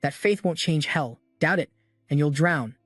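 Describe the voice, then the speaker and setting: Cruel zealot voiced by a male narrator, shouting curses, fairly high voice, dry sound. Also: lively intonation, a little slow, no room sound, soft background music. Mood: ranting. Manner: shouting, cursing.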